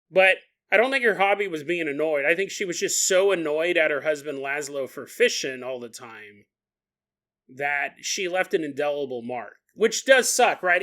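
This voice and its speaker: A man hosting a podcast, riffing in a comedic monologue, laughing often and acting out quick voices. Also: sits high, pushed and bright. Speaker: podcast host.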